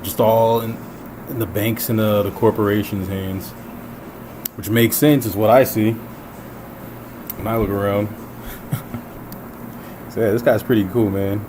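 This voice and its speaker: A man with a lowish voice reacts offhandedly and jokes in casual chat. He sounds set back from the mic, with a steady air-conditioner hum clearly heard behind him. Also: measured pace, long pauses. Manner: offhand, joking. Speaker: streamer host reacting.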